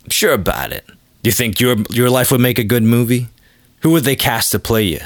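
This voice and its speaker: A man's voice: medium pitch, a little fast, no echo. A man hosting his own comedy podcast, rambling through a crude, self-deprecating monologue into a close mic. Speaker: podcast host.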